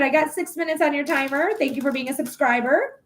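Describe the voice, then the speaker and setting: A woman's voice: high-pitched, normal speed. A young adult woman doing live psychic readings, chatting casually, swearing freely and laughing often. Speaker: psychic reader on a live stream. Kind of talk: casual live-stream chat.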